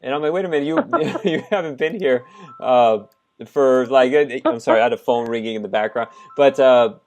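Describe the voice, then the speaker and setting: A man hosting a podcast interview, asking loose rambling questions in a relaxed way and laughing often. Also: medium pitch, moderate pace, soft background music. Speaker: host, immigration lawyer. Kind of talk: casual interview chat.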